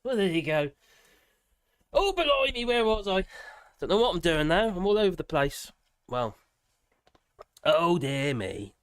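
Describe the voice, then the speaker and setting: A woman's voice: fairly low pitch, sing-song, measured pace, pauses often, clean tone, no echo, studio quality. A middle-aged woman, hosting a live stream in casual, giggly, exclamatory chat.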